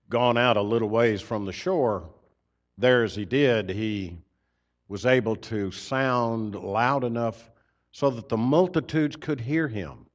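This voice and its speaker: Earnest preacher man, slightly muffled. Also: mid-range voice. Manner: earnest, swells louder on key points then drops soft. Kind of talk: sermon. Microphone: microphone system.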